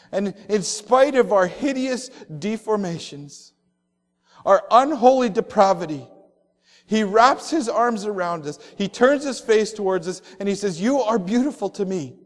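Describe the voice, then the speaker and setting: A male pastor preaching a sermon, telling stories and slowing down on emphatic phrases. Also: high voice, big-room sound.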